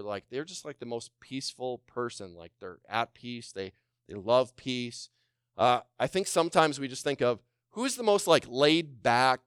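Male pastor with a smooth, dry voice. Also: mid-range voice, dry recording. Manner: calls on the congregation to respond; drops to a hushed voice for quoted gentle words. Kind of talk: sermon.

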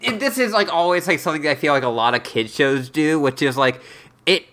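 A man's voice: on the high side, brisk, a bit bright. A man co-hosting a casual comedy podcast, giving wry commentary. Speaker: podcast co-host.

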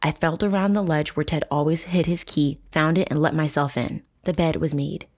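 Woman, low pitch, true crime host, profane, dramatic reading. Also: fairly even intonation, moderate pace. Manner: profane, reads excerpts with dramatic shouting. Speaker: podcast host. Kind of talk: true crime narration, reading book excerpts aloud.

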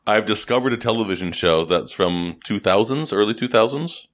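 A man with a fairly low voice chats casually as a podcast co-host. He tells jokes and recounts shows in an animated, quick way. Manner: animated storyteller, jokey, quick asides. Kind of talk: casual chat.

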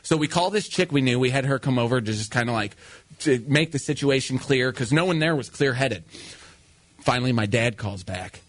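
A man's voice: medium pitch, expressive, brisk, no room sound. A man telling a story in casual chat, acting out quoted voices and laughing as he goes.

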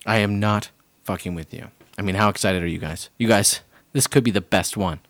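A man hosting a casual podcast, joking and hyping things up with drawn-out swearing. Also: fairly low pitch. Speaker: podcast host.

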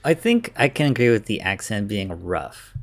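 A man co-hosting a casual film chat, measured and easygoing. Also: fairly low pitch, very animated.

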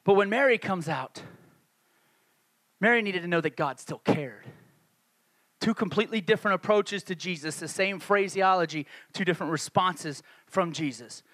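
A man's voice: sits high, moderate pace, a bit bright, no echo. A male pastor preaching a conversational sermon, acting out the voices of the people he quotes.

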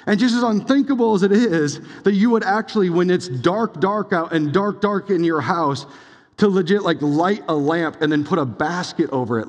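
Young guy preaching, chatty and lively, lotta "like"s, echoey church hall. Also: high-pitched. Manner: casual, animated preaching with many "like"s and asides. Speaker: pastor. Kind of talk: sermon. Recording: long hall reverb.

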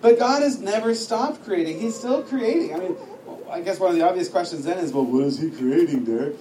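A man with a high voice preaches a lively sermon, telling his story with humor and acting out the lines of others. He sounds far from the mic in an echoing hall, with clear noise underneath. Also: a little fast. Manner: storytelling with humor, acts out dialogue. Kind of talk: sermon teaching. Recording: echoey room, distant mic, noisy.

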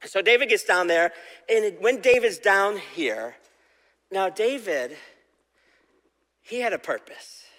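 A preacher delivers a casual, conversational sermon, retelling a Bible story and asking the congregation questions while acting out the voices he quotes. His voice sits high and a bit bright, with lively intonation, a slow pace, and long pauses, echoing in a big room.

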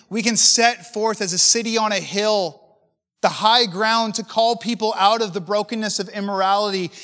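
A man's voice: sits high, a bit bright, long reverb tail. A man preaching to church leaders with passion, talking in a conversational way and asking many rhetorical questions. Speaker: pastor.

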